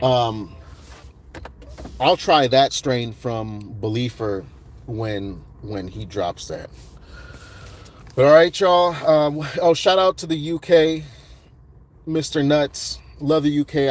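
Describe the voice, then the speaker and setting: A man's voice: mid-range voice, a little mellow. A man hosting a casual livestream outdoors at night, rambling with many fillers and greeting viewers by name. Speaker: livestream host.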